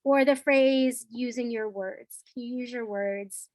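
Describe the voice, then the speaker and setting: A woman teacher giving a training talk, lively and acting out playful phrases she uses with kids. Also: on the high side, unhurried, no room sound, low-quality recording.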